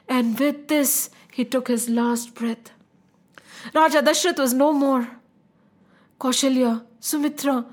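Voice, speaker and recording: A woman narrating a story with emotive delivery, slowing and dropping to a hush. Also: high voice, steady tone.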